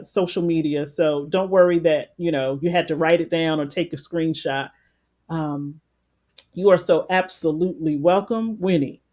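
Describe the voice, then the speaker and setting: A woman life coach with a big, loud, fairly low-pitched voice leads a live-streamed guided meditation. She talks conversationally, greets viewers by name and repeats phrases for emphasis.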